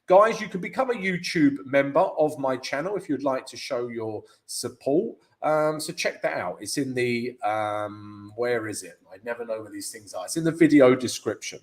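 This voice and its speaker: A chatty man with a London accent, speaking at a medium pitch. He hosts a live trading stream, greets viewers, and talks them through his chart analysis in a relaxed, conversational way. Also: moderate pace, few pauses. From United Kingdom. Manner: chatty, keeps calling viewers "guys".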